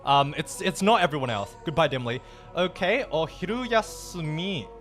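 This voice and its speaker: A man's voice: on the high side, animated, normal speed, fairly bright tone, faint music behind. A man chatting casually on a livestream, swearing freely and dropping in Japanese phrases.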